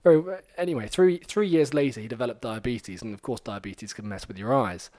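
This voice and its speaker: A man hosting a podcast, telling a story in a rambling, animated way with lots of fillers. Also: medium pitch, brisk, dry recording. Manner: rambling and animated, many fillers, acts out quoted lines. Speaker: podcast host.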